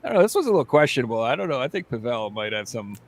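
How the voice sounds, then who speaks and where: A man hosting a casual podcast, talking at a mid-range pitch for a man. He rambles and jokes, trips over his words and circles back with plenty of fillers. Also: big pitch swings, very fast. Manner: rambling, jokey, lots of fillers and restarts. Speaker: podcast host. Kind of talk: casual chat.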